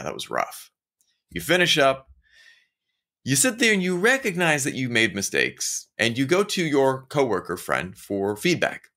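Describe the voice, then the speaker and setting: A man giving a casual motivational talk. He speaks straight to the listener and tells stories, often acting out the voices of the people in them. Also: medium pitch. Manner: animated storytelling, acting out quoted voices; conversational, addresses listener directly.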